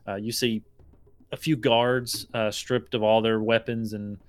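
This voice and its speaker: A man's voice: lowish voice, little pitch movement, unhurried, no room sound, soft background music. A man narrating a tabletop game as game master, rambling with many fillers.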